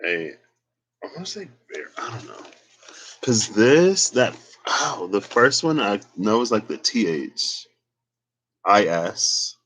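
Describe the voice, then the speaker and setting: Slow, deep-voiced man reading tarot. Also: very animated, a bit bright, slightly rough, poor audio. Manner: rambling, thinks aloud. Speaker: tarot reader. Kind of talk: casual solo tarot reading.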